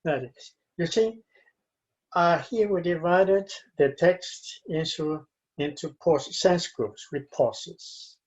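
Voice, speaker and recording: Chilean-accented male lecturer, slow and deliberate, fairly high voice, muffled lo-fi audio. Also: a little mellow. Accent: Chilean Spanish. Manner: slow, careful, with frequent fillers and pauses. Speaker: university English teacher. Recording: dull lo-fi sound.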